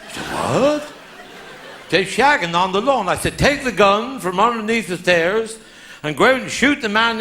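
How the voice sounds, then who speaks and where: A man's voice: sits high, bright, forceful tone. Cornish man telling a bawdy stand-up story. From Cornwall. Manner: broad storytelling with dialect grammar, bursts of laughter. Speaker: stand-up comedian. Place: live show venue with an audience.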